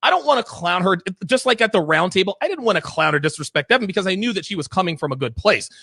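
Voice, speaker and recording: Guy hosting a chat show, blunt and cussing, gravelly voice, bright edge. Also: sits high, sing-song, fast talker, dry recording. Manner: blunt, emphatic, profane storytelling. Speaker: podcast host. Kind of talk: casual chat.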